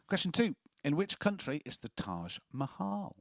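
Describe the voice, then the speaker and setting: A man's voice: fairly high pitch, very animated, normal speed, vocal fry, no room sound. Jokey man hosting a quiz. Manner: jokey, chuckling as he reads questions. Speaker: quiz host. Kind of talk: casual quiz chat.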